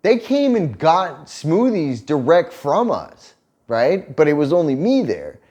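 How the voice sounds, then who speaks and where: A man's voice: on the high side, slow pace, dull audio. A man in his thirties, casually telling a story on a couple's vlog, swearing freely and laughing as he goes. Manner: profane, animated retelling with laughter. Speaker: vlog co-host.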